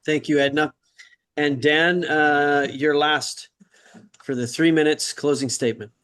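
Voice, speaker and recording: A man moderating a candidates' forum over a video call, relaxed and friendly as he keeps time. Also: fairly high pitch, unhurried, smooth.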